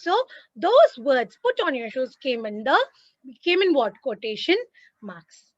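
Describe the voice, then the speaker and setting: Lively high-pitched Indian woman teacher. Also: a little slow, no echo, lo-fi sound. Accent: Indian English. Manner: lively, emphatic, repeats words for stress. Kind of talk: online class lesson.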